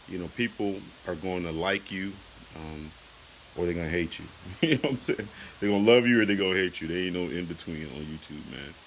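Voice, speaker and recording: This is a YouTuber from the United States, late thirties, heatedly ranting over and over in a casual vlog peppered with "you know" and "man." The voice is low-pitched yet fairly bright, and the poor recording has slight background noise.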